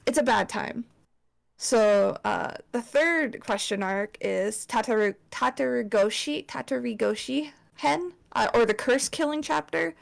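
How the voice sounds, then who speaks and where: Young woman w/ a raspy fry voice, chatty and sweary, lots of likes and ums. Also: on the high side, a little slow. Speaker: presenter at a slideshow party. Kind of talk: casual chat presentation.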